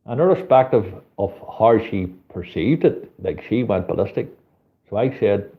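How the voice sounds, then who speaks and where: A man's voice: on the low side, moderate pace, vocal fry. Swearing Northern Irish man, tinny sound. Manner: swears freely, animated storytelling. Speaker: street photographer hosting a live chat. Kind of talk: casual storytelling chat. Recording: tinny phone-like audio.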